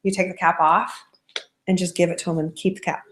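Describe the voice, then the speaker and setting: A woman's voice: on the low side, brisk. Woman coaching a small group at home, acts out convos, kinda echoey. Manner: animated storyteller acting out dialogue. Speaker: network marketing trainer. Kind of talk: casual training talk. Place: living room. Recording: echoey room.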